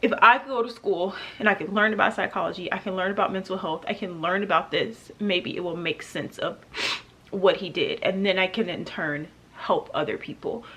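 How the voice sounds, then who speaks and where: A young adult woman telling a painful personal story to camera, halting and emotional, with pauses and restarts. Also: fairly low pitch, a bit bright, breathy edge. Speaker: vlogger.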